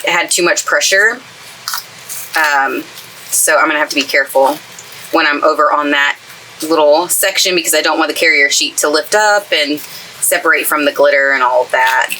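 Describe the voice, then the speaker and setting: A woman's voice: low voice, normal speed, bright, forceful tone, a little hiss or hum, low-quality recording. A woman from East Texas with a light East Texas accent, chatting through a crafting tutorial in the craft space of her travel trailer. She gushes happily as she works with her hands. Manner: chatty and gushing, talks while working with her hands. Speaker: craft YouTuber. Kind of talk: casual crafting tutorial chat. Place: craft space inside a toy hauler trailer.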